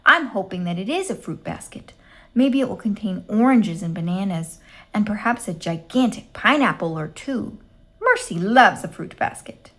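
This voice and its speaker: A woman's voice: medium pitch, expressive, normal speed, close to an everyday voice. A woman doing a trilling, gushing neighbor lady. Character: chatty fussy neighbor woman who trills.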